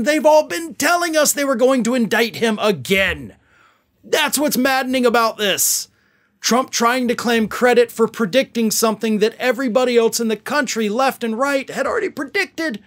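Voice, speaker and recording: A man's voice: very high voice, normal speed, a bit bright. A man hosting political commentary, talking in a sarcastic, mocking and exasperated way.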